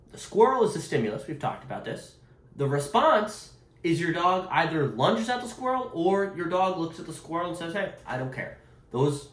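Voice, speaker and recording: A man who trains dogs talks straight to his viewers, driving each point home with emphasis and repetition. His voice sits a little higher than most men's. The room around him rings with a noticeable echo. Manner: direct, emphatic, repeats key points. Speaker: dog trainer. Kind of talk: instructional talk to camera.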